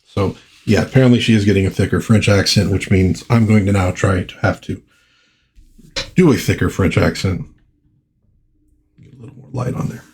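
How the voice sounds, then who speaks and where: A man's voice: on the low side, fairly even intonation, fast, darkish tone, slightly rough. A man hosting a casual comic book commentary in a chatty, enthusiastic manner.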